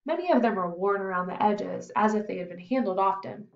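Woman reading audiobook, calm steady, mid pitch, dull muffled audio. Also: a little fast, vocal fry. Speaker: audiobook narrator.

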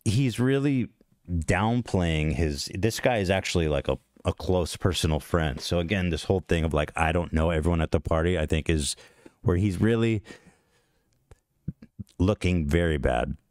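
A man giving commentary, briskly reading out text messages in a steady, flat way. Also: deep voice, dry recording, clean studio sound.

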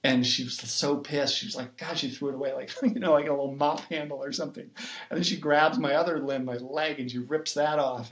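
A man in the middle of his range tells a story in a reflective, earnest way, often pausing with "um" and "like." His voice sits in a roomy space with a clear echo around it. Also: mid-range voice, a bit bright. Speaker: podcast guest, poet and writing coach. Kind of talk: conversational personal storytelling.

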